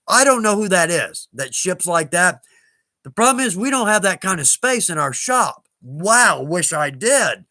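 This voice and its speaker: Chatty Southern man, high bright voice. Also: big pitch swings, measured pace, no echo. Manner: rambling, self-deprecating, chatty. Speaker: live-stream host answering viewer questions. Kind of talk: casual live Q&A chat.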